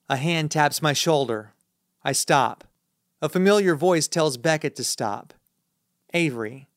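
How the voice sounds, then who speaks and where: A man reading a first-person thriller as an audiobook narrator, in a measured, tense storytelling manner. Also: on the high side, a bit bright, dry recording, clean studio sound.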